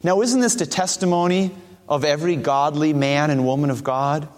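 A man preaching a sermon, asking earnest rhetorical questions and reading scripture slowly. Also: on the high side, big-room sound.

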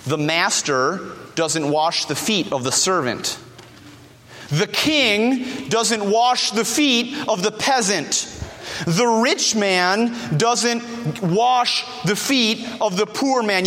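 Man, pastor, sermon, emphatic and repetitive, high-pitched, church hall echo. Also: animated, slow, a bit bright. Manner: emphatic preaching, repeating key phrases. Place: church sanctuary. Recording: long reverb of a large hall.

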